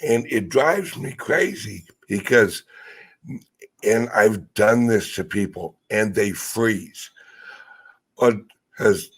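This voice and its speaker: A man's voice: lowish voice, gravelly, a bit bright, breathy edge. A man hosting a casual podcast conversation, talking bluntly with profanity and hesitant restarts. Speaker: podcast host.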